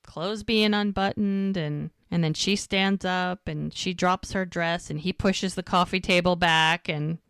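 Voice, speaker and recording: A woman's voice: fairly low pitch, steady tone, unhurried, few pauses, fairly bright tone, clean tone, dry recording, clean studio sound. A woman co-hosting a podcast, chatting casually and retelling the scenes by acting out the characters' lines. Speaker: podcast co-host. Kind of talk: casual recap chat.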